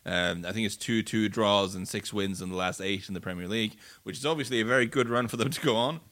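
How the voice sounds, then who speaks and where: This football pundit talks fast in a fairly bright, lowish voice, recorded dry. Chatting casually on a podcast, he analyzes matches fluently, though he often restarts and repeats himself.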